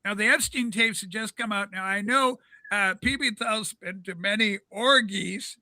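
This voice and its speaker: A man's voice: sits high, normal speed, bright, forceful tone, no echo. A man hosting a livestream, bantering playfully with his guests. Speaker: host.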